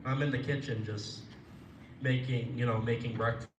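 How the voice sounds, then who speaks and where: A man's voice: mid-range voice, steady tone, moderate pace. A young comedian rambles through a profane stand-up set and loses his thread now and then. He is recorded from a distance in an echoey room. A lot of noise sits under his voice. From Florida. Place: live comedy venue.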